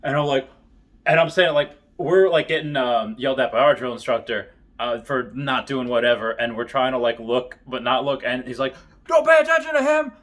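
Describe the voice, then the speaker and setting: A man's voice: mid-range voice, steady tone, normal speed, a bit bright. A man, a military veteran, casually reading funny stories and laughing often at them.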